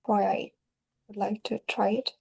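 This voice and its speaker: A woman who is not a native English speaker, answering test questions over a video call in hesitant, halting English. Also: mid-range voice, little pitch movement, creaky, darkish tone, husky, poor audio. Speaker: IELTS candidate.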